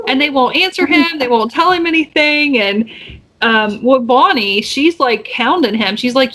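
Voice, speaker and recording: A woman co-hosts a podcast and recaps a movie in loose, rambling chat. Her voice sits a little high, and she keeps stacking up fillers and restarts. When she quotes the characters, her pitch jumps up to act out their lines. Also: normal speed, a bit bright, a little hiss or hum. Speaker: podcast co-host.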